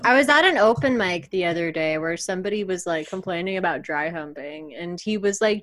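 A woman's voice: on the low side, animated, brisk, hardly any pauses, a bit bright. A woman hosts a casual comedy podcast and trades blunt, bawdy jokes with friends. Her voice sounds close and dry, without room echo. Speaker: podcast host.

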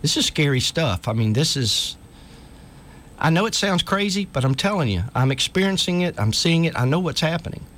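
A man's voice: on the high side, very animated, normal speed, a bit bright, slight background noise. Earnest man hosting talk radio. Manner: earnest, urgent, reads articles aloud. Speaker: radio show host.

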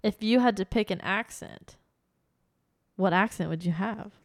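A woman's voice: mid-range voice, a little slow, no room sound. Chatty woman in a dry room. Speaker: podcast co-host. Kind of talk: casual chat.

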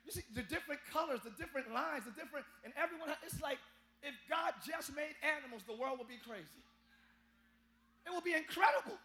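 High-voiced, gravelly preacher man shouting. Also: quick pace, a little hiss or hum. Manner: animated, humorous preaching with shouts and chanting. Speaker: pastor. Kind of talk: sermon. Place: church sanctuary.

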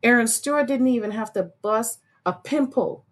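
A woman's voice: a little high, normal speed. A woman on a podcast panel giving heated political commentary, blunt and profane, telling a story and firing rhetorical questions.

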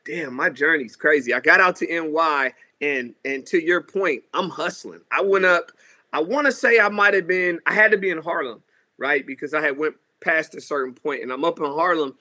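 A man in his thirties from Seattle, a musician telling stories in a casual interview, lively and acting out quotes. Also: on the high side, normal speed. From Seattle, USA. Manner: animated storyteller, acts out quotes, says "you know what I mean" a lot. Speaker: musician guest.

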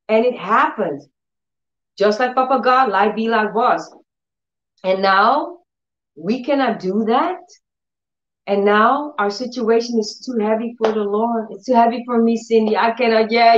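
Animated woman preacher, roomy sound. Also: fairly high pitch, highs cut off. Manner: animated storytelling, acts out dialogue in changed voices. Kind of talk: faith-healing sermon.

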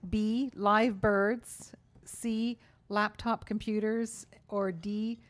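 Female guest, mid-pitched, measured quiz-reader. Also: little pitch movement. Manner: measured quiz-reading, lists options. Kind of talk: reading trivia questions.

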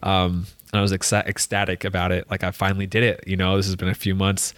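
A man's voice: deep voice, completely flat delivery, quick pace, a bit bright, no room sound. Young man rambling through a story. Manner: rambling, heavy use of "like", acts out quoted dialogue. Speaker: professional soccer player. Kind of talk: casual storytelling.

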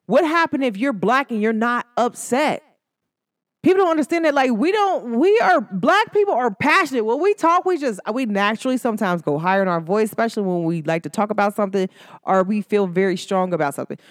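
A woman's voice: on the high side, lively intonation, fairly quick, no echo, studio quality. A woman hosting her own podcast, talking casually and emphatically straight to her listeners, full of slang and asides. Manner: emphatic and talkative, addresses listeners directly with slang. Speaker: podcast host. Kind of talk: casual solo podcast monologue.

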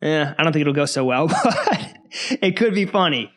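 Male podcast host, casual history narration, amused and animated, slightly higher voice. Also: quick pace. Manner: animated, laughs often, amused storytelling.

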